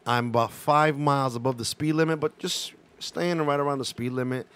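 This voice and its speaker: A man's voice: medium pitch, brisk, clean tone. A man co-hosting a casual chat show, telling a story and acting out the voices of the people in it. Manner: animated, acts out quoted voices. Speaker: podcast co-host.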